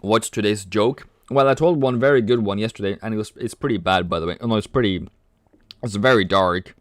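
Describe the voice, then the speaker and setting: A man's voice: lowish voice, fast, dry recording. A man hosting a casual trading livestream, chatty, reading viewer comments aloud and cracking jokes. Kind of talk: casual live-stream chat.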